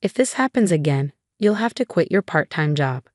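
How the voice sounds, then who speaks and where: A woman reading the part of a cold, controlling husband who talks down to his wife. The voice sits a bit low and sounds dry and close, with no room around it. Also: animated, moderate pace, no echo, natural voice. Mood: cold, demanding.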